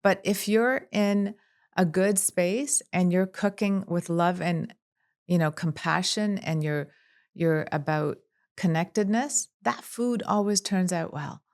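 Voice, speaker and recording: A woman psychologist talks as a podcast guest in a calm, measured way, walking through long lists of examples. Her voice sits a little low and sounds smooth and clear. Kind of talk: podcast interview.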